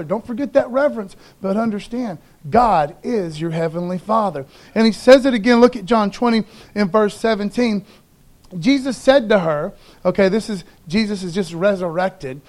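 A man with a notably high voice delivers a sermon from the pulpit. His preaching is casual and enthusiastic, full of slangy asides and quick rhetorical questions. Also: animated. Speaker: pastor.

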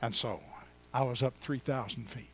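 A man, preaching a sermon in a church and telling personal stories in a folksy, chatty way, swinging from loud exclamations to quiet asides. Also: mid-range voice, moderate pace, a little hiss or hum. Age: 70s. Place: church before a congregation.

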